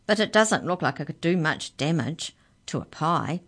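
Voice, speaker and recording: A woman voicing a tall female giant pastry cook with a high, booming voice in a storybook reading. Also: expressive, moderate pace, fairly bright tone.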